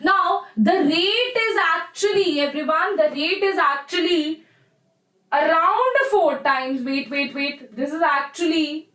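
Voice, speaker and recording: A woman's voice: sits high, slow, pushed and bright, roomy sound, rough recording. A young woman with an Indian English accent, teaching a live online chemistry class in a chatty, encouraging way. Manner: chatty and encouraging, addresses students as "bacha".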